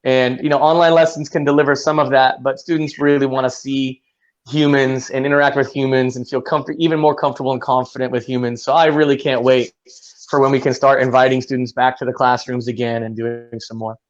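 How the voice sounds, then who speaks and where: A man with a Californian accent, an English teacher chatting in an interview and telling lively stories with playful asides. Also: mid-range voice, fairly quick, dull audio. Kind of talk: casual interview chat.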